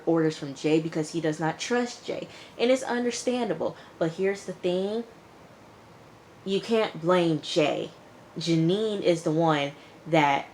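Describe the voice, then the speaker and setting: A woman's voice: sits low, a little mellow, a little hiss or hum. A woman giving a casual recap of a TV episode, retelling scenes with "he was like" and making frank asides to the viewer. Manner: chatty retelling, quotes characters with "he was like". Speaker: TV show reviewer.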